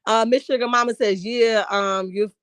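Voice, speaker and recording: A woman's voice: on the high side, fairly even intonation, normal speed, clear, resonant tone, no room sound. Sassy woman hosting a chatty livestream. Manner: sassy, reads viewer comments aloud and reacts. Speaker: livestream host. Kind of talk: casual live-chat commentary.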